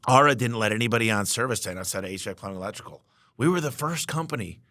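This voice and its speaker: A man with a lowish voice speaks at a racing pace as a business owner guest, telling business stories in casual chat. He is animated and acts out what others said to him in different voices.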